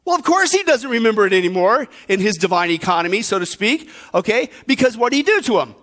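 A man preaches as a pastor, his rhetorical questions landing with emphasis and alternating between bursts and quiet asides. He talks fast in a high, very animated voice.

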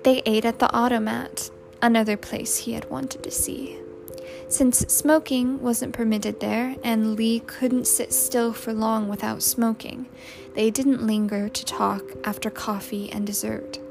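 A woman narrates a novel in slow, measured storytelling. Her voice sits a little high. Loud music plays under her reading throughout. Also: little pitch movement, creaky. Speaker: audiobook narrator. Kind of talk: scripted narration.

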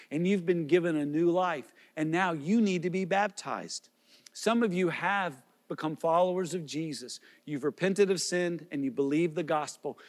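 Slightly high-voiced, a man preaches as a pastor inside a large hall. His sermon is earnest and pleading, with questions repeated and little restarts along the way.

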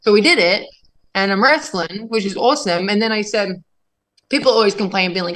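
Casting: woman wrestler guest, lively storyteller, salty language, acts out dialogue. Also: medium pitch, a little fast, poor audio. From England. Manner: animated, swears often, acts out quotes. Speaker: interview guest, professional wrestler. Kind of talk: casual storytelling chat.

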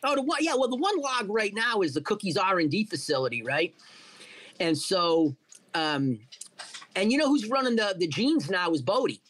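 A middle-aged man with a notably high-pitched voice spins a profane, animated story in a relaxed interview. He swears constantly and slips into the voices of the people he quotes. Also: normal speed. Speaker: guest, cannabis entrepreneur.

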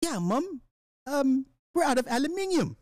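A fussy mock Englishman, as a man puts him on, speaking in a high, breathy voice with a mocked British accent. He stretches out his polite words in a prim, drawn-out way. The sound is dry and close. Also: sing-song, a little mellow, dry recording.

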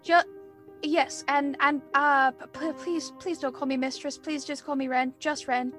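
A woman playing in a tabletop role-play, her voice pitched high. She stammers and pleads, tripping over her words while faint music plays under her. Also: little pitch movement, measured pace, fairly bright tone. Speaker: player.

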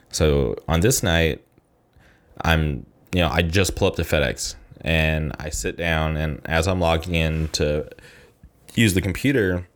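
A man with a very low voice chats casually to his viewers. He tells a story in a loose, meandering way, packing it with fillers. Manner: loose and rambling, heavy on fillers like "like" and "you know". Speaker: vlogger.

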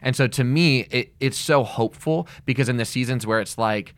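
A man's voice: medium pitch, normal speed, no echo. A man co-hosting a church podcast, talking earnestly and animatedly about faith, with many filler "like"s. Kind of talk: casual faith conversation. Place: small room at the church.

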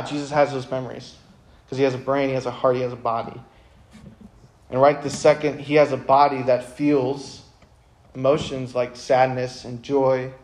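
Talking to high school students, a young male youth speaker keeps things casual and earnest, peppered with fillers and sudden surges of energy. His tone leans somewhat dark.

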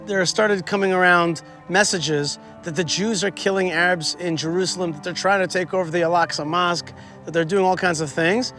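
A man guiding a tour outdoors at a historic site, teaching history in an animated way and quizzing his listeners. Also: high-pitched, brisk, soft background music. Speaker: tour guide. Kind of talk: history lesson told on a tour.

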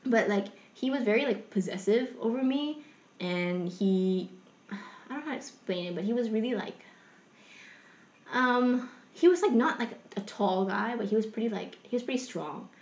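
A young woman telling a personal story in a casual, rambling way, full of fillers, with a soft confessional tone. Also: a little high, lively intonation, moderate pace, reverberant.

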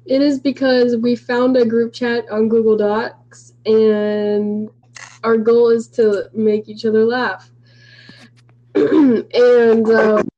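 A young woman co-hosting a casual podcast, speaking slowly and hesitantly. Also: on the high side, level tone, dark tone. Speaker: podcast co-host. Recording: dull, lightly noisy audio.

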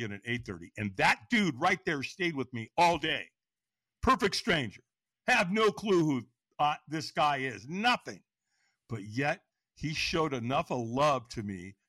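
Man in his sixties, podcast guest, bright forceful tone, dry close sound, animated storytelling. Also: mid-range voice, no room sound. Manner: animated, acts out voices and inner dialogue; frank, casual speech. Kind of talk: personal storytelling in an interview.

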